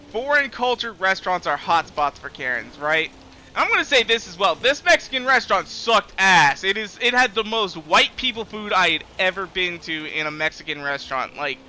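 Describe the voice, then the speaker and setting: A man's voice: sits high, pushed and bright, a little hiss or hum. A young man live-streaming a game, chatting casually in a rambling, profane way and chuckling often.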